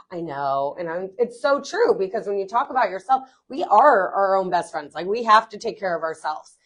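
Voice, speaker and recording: A woman's voice: medium pitch, brisk. A woman co-hosting a casual motivational chat, upbeat and chatty with many fillers. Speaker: co-host.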